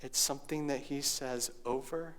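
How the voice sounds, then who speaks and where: A man's voice: mid-range voice, steady tone, normal speed, a bit bright. A male pastor delivering a sermon, dropping to near-whispers and rising to raised, emphatic preaching. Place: church sanctuary.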